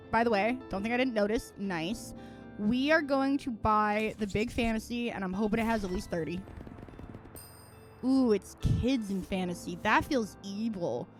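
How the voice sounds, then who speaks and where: A woman streamer chatting casually at home while she plays, rambling and venting with plenty of swearing. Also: mid-range voice. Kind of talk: casual livestream chat while gaming.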